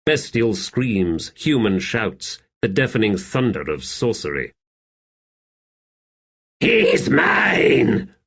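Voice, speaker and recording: A man narrating a fantasy audiobook in a steady, measured reading. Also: on the low side. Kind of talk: scripted narration.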